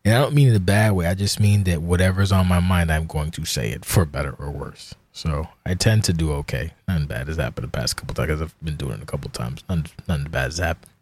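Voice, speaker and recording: A man's voice: rumbling low, fast, a little mellow, slightly rough. A man in his forties hosting a casual solo podcast, rambling and profane, self-deprecating about himself. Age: 40s. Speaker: podcast host.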